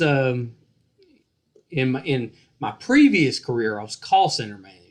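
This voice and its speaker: A middle-aged man with a Virginian accent hosting a casual podcast interview over a video call, chatty and joking, often trailing off softly. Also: medium pitch. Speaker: podcast host.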